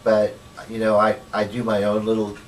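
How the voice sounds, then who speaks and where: A man's voice: fairly low pitch, monotone, moderate pace. A man in a documentary interview telling his story casually, rambling with lots of "you know" and acting out what people said. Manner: rambling, filled with "you know", acts out quoted dialogue. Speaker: interviewee, activist. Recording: distant mic with faint ambient noise.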